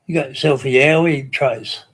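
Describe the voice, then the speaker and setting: An Australian man hosts a live stream, chatting casually with viewers and reading out their comments. He's slow and rambling, with many pauses and restarts, and his medium-pitched voice is a bit bright and slightly rough.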